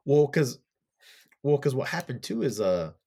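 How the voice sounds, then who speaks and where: A man's voice: mid-range voice, animated, measured pace, mellow, slightly rough. A man on a casual podcast, animatedly retelling a TV plot in a rambling way, full of fillers and casual swearing. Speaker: podcast co-host.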